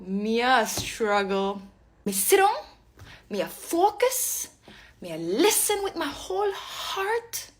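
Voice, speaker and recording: A woman vlog host speaking learner's Jamaican Patois slowly and deliberately, concentrating on the accent. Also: fairly high pitch, a bit bright, slight background noise. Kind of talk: casual vlog talk, attempting Jamaican Patois.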